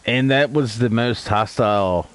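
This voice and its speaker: A man's voice: mid-range voice, measured pace. A man hosting a casual podcast chat, telling stories with frequent swearing. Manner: profane, storytelling. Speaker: podcast host.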